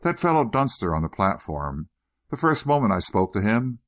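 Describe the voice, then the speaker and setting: A man's voice: on the low side, sing-song, normal speed. A man voicing a restless, frustrated young man. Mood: pleading. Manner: urgent, pleading, impulsive.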